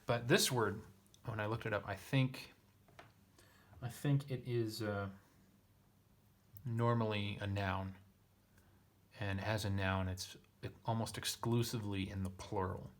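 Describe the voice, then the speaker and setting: A man with a fairly low voice works through Latin grammar out loud, one word at a time. He hesitates and corrects himself often, and makes dry little jokes at his own expense. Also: steady tone, measured pace, pauses often. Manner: hesitant, self-correcting, self-deprecating. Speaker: teacher reading Latin scripture. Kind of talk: translating Latin aloud, thinking aloud.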